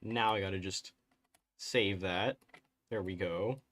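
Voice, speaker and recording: A man with a soothing, soft-spoken voice giving casual live-stream commentary, thinking aloud, mumbling and correcting himself as he works. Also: sits low, slow pace.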